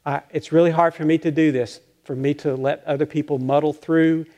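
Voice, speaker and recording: An older male pastor preaching a conversational, self-deprecating sermon, halting and restarting with light chuckles. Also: on the high side, fairly even intonation, mellow, lo-fi sound.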